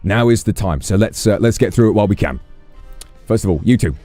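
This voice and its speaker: A man's voice: fairly low pitch, animated, brisk, dark tone, no room sound, soft background music. A man streaming a game, playing a police chief in role-play with a polite, encouraging, commanding manner.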